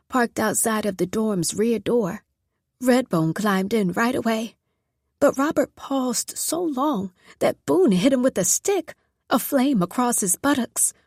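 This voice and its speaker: A woman reading a novel aloud in steady, measured narration. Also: on the high side, no room sound, clean studio sound. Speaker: audiobook narrator. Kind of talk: scripted narration.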